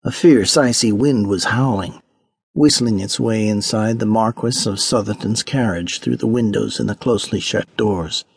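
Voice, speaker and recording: A man reading a historical mystery audiobook in measured, dramatic narration on a close microphone. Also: lowish voice, gravelly, a little mellow, slightly rough, dry recording. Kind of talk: scripted narration.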